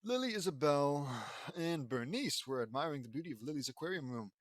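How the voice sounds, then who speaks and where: A man's voice: a little high, expressive, fairly quick, dry recording, clean studio sound. A man reading his own fan fiction aloud, casual and rambling, stumbling over names and breaking off to comment. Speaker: audiobook reader and author.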